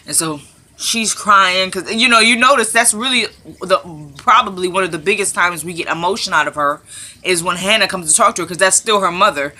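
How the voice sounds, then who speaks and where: A woman's voice: medium pitch, brisk, pushed and bright. A woman vlogger giving a chatty, casual recap of a TV episode, often repeating herself for emphasis.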